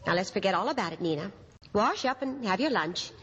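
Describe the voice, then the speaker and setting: A woman's voice: medium pitch, lively intonation, fairly quick, a bit bright, slightly rough, muffled recording. An actress playing a patient but firm mother of two in an old radio play, scolding and soothing by turns. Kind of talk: 1950s radio acting. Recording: echoey 1950s radio recording.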